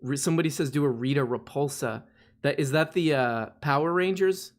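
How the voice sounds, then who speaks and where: A high-voiced male streamer talks a little fast over heavy background noise as he hosts a casual live stream. He reads requests, rambles, and laughs at himself in a self-mocking way.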